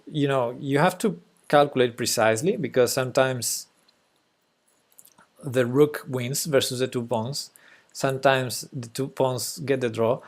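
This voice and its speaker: A young native Spanish speaker with a Spanish accent gives casual chess commentary on a live stream, hesitating with fillers and soft laughs. His voice is medium in pitch.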